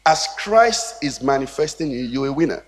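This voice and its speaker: Speaking at normal speed, an expressive, medium-pitched pastor with a Nigerian English accent delivers a sermon in a church hall. His preaching has a rhythmic cadence with call-and-response questions, and the room gives a long reverb.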